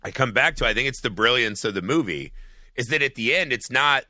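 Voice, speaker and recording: Bright-voiced man ranting about a movie. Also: medium pitch, expressive, a little fast, no room sound. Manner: rambling, profane, heavy use of "like". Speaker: podcast co-host. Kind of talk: casual film discussion.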